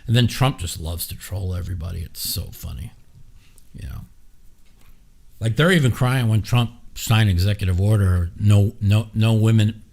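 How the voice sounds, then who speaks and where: Male podcast host, low gravelly voice, blunt and profane, rambling hot takes. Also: normal speed, darkish tone. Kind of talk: casual chat. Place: streaming with a live chat.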